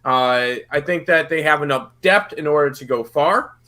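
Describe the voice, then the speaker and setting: Bright-voiced betting analyst, rambling. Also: male voice, fairly high pitch, moderate pace. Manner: confident, rambling, repeats words while thinking. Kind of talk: casual sports betting analysis.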